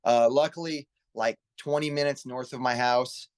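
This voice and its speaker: A young man in his twenties talks as a guest on an interview show, earnest and rambling, restarting sentences as he goes. His voice sits at an ordinary pitch for a man. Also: steady tone, moderate pace. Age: 20s. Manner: earnest, rambling, self-correcting. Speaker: guest, pro wrestler. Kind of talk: casual interview storytelling.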